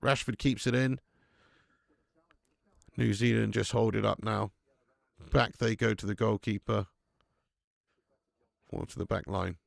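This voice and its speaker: Man, young adult, gravelly, dry close sound, sweary, excitable football commentary. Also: fairly low pitch, measured pace, long pauses, no echo. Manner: sweary, excitable, chatty with viewers. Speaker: football watch-along streamer. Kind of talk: live match commentary and casual chat.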